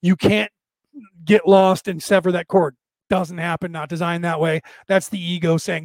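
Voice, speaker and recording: Man with a high voice, host chatting to viewers, rambling and casual, dry close sound. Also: little pitch movement, normal speed, a little mellow, dry recording. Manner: rambling, with frequent "right?" check-ins. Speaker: spiritual talk host answering viewers. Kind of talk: casual storytelling and explanation.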